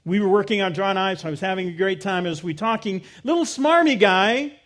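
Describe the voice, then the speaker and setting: A middle-aged man preaching a sermon, telling a personal story and swinging from loud emphasis to quiet, low asides. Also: brisk, few pauses. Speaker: pastor.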